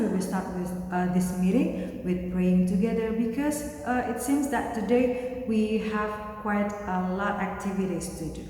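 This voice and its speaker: A woman with an Indonesian accent teaching young children an English lesson, speaking slowly in simple words and making animal sounds. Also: mid-range voice, a little mellow. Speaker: kindergarten teacher. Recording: very echoey room with long reverb.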